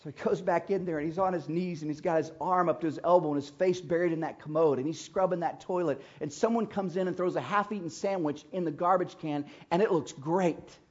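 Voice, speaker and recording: Male preacher, storytelling sermon, husky and a bit high, emphatic with loud-soft swings, dull muffled recording. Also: brisk, hardly any pauses.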